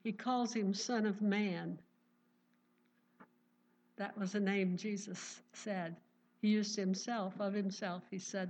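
A woman's voice: medium pitch, steady tone, slow, long pauses, darkish tone. A woman teaching a Bible study in an earnest sermon style, reading verses and often saying praise. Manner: earnest, exclaims "Praise the Lord". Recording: dull lo-fi recording.

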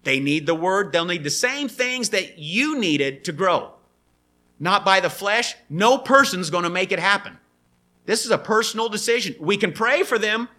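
A man preaching a sermon in an animated way, acting out the quoted voices. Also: sits high, normal speed.

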